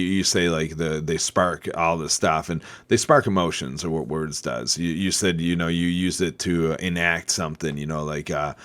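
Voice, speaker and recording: A man hosting a casual chat, rambling with many restarts and fillers, and bursting out loudly when he acts out people's reactions. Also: deep voice. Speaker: podcast host.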